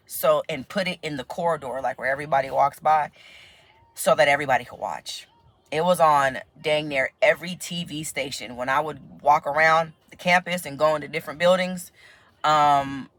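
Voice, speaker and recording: A woman's voice: deep voice, no room sound. An American woman talking casually to camera in a vlog, chatty and laughing often. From United States. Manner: chatty, laughs often, quotes others in animated voices. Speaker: vlogger.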